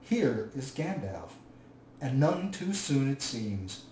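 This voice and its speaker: A man voicing a calm, commanding old wizard who speaks slowly and deliberately. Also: mid-range voice. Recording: roomy, distant mic, faint hiss.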